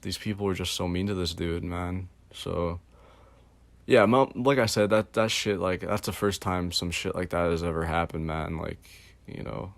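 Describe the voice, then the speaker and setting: A man with a deep, low voice tells a story in a loose, rambling way, swearing often and leaning on fillers. The sound is dry and close, with no room echo. He speaks in a casual, offhand manner. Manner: rambling and profane, heavy fillers. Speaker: channel host.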